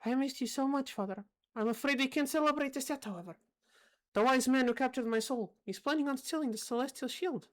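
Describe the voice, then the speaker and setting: A woman voicing a young princess in a game, speaking in a soft, earnest, storybook tone. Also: sits high, a little fast, voice pushed up, natural voice. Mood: tender.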